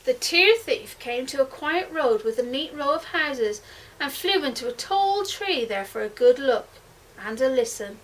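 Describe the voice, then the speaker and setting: Expressive teacher reading aloud. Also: female voice, high voice, unhurried, distant mic, poor audio. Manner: expressive, hushed at suspense. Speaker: primary school teacher. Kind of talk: reading a picture book aloud.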